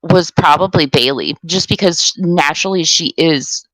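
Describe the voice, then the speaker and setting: A woman's voice: low voice, normal speed, fairly bright tone, dry recording, rough recording. A woman in a casual call chat, chatty and laughing, swearing as she talks.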